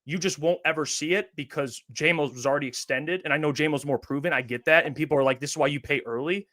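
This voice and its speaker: Male sports show co-host with a higher, bright, forceful voice; emphatic and insistent in a heated debate. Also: fast talker, no room sound. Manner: emphatic, insistent, talks over his co-host.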